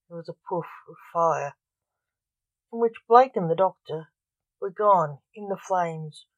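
A storyteller reading a short story aloud in a plain, unhurried manner. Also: medium pitch, dry recording, low-quality recording.

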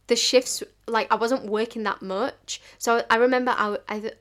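A woman's voice: on the high side, steady tone, moderate pace, a bit bright. A woman, hosting a podcast in casual storytelling style, full of "like" fillers and acting out the people in her stories. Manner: chatty, fillers like "like", acts out quoted dialogue. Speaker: podcast host.

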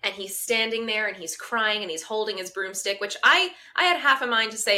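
A woman co-hosting a podcast, telling a story in a casual, animated way with a mounting sense of outrage. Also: mid-range voice, a little fast. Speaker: podcast co-host.

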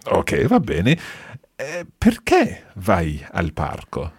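A man hosting a podcast language lesson, modelling phrases slowly and patiently for a learner. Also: low voice, wildly swooping pitch, a little mellow, husky, no room sound, clean studio sound. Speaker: language teacher and host.

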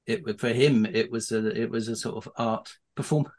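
A man's voice: mid-range voice, fairly even intonation, moderate pace, darkish tone. A middle-aged man, a podcast guest, telling casual anecdotes in a rambling way with many restarts and chuckles.

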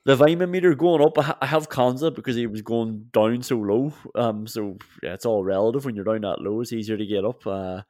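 A man's voice: mid-range voice, steady tone, fairly quick, hardly any pauses, darkish tone, dry recording, studio quality. A man co-hosting a football podcast, chatting casually with laughs and restarts. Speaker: podcast co-host.

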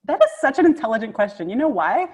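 A woman's voice: on the high side, big pitch swings, quick pace, darkish tone. Bubbly woman guest who laughs easily. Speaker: guest speech therapist. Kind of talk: casual interview chat.

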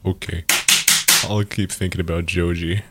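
A young man with a very low voice banters with friends on a podcast. He cracks goofy jokes and pokes fun at himself. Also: flat delivery, moderate pace, very noisy. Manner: goofy, self-mocking jokes. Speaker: podcast co-host. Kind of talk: casual banter among friends.

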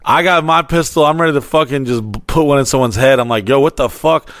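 A man's voice: medium pitch, fast, a bit bright, no echo, studio quality. A man co-hosting a casual podcast, cutting in with jokes and profane asides. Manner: interjecting, profane, jokey. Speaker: podcast co-host. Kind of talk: casual chat.

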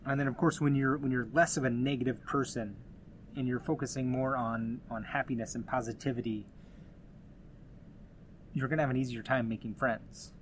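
A man's voice: mid-range voice, steady tone, moderate pace, slight background noise. Casual man talking on his own podcast. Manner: conversational, rambling with frequent restarts and asides. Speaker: podcast host. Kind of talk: casual solo podcast talk.

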